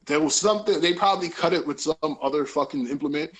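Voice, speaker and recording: A young man co-hosting a podcast, telling a story casually with lots of laughter and profanity, acting out the people he quotes in loud voices. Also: on the high side, fast. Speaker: podcast co-host.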